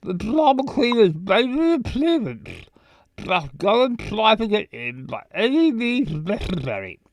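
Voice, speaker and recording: Blunt teasing best friend. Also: female voice, a little high, big pitch swings, unhurried, no echo, rough recording. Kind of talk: game voice acting.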